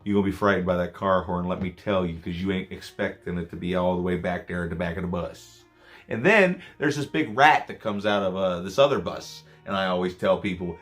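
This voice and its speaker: A man's voice: deep voice, fairly quick, fairly bright tone, faint music behind. A man vlogging, telling rambling, profane stories about his work as a scare actor. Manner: rambling, profane, self-mocking. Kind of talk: casual storytelling to camera.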